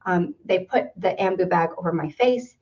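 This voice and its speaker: A woman's voice: lowish voice, normal speed, darkish tone. A woman speaking at a seminar, telling a personal story in an earnest way and repeating words for emphasis. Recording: distant, dull lo-fi sound.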